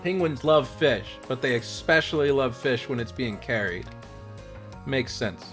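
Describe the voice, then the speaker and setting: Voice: medium pitch, animated, measured pace, faint music behind. A streamer playing a story game, reading the dialogue aloud with a playful, jokey manner and switching into character voices. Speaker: let's play streamer.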